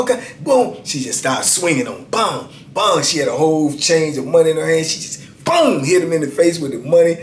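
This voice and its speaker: On the high side and a little fast, this man's animated voice barely pauses. He is a channel host in his fifties telling laid-back, casual stories full of "man" and "you know what I'm saying," with an echoey room and faint background hiss around him.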